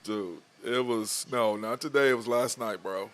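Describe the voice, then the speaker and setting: A man's voice: mid-range voice, normal speed, fairly bright tone, soft background music. A man hosting a casual sports podcast, loose and rambling, laughing as he tells stories. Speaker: podcast host. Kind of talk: casual sports show chat.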